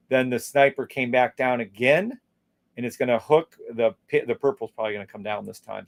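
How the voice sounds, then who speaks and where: A man's voice: mid-range voice, creaky, no room sound. A man hosting a live trading stream, walking viewers through charts in a casual, upbeat and salesy way, humming little tunes as he scrolls and reading out viewer comments. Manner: hums and scats while scrolling charts.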